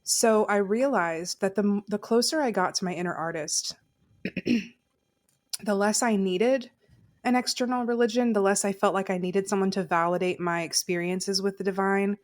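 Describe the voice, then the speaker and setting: A woman's voice: mid-range voice, steady tone, normal speed. A woman guest on a podcast, candidly telling a personal story in casual, chatty talk full of "like". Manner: chatty and candid, sprinkled with "like" and laughter.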